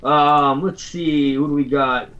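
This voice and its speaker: A man's voice: on the high side, steady tone, slow pace, a bit bright, highs cut off. A man from Tennessee hosting a casual livestream chat, rambling and laughing as he repeats his words. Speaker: host.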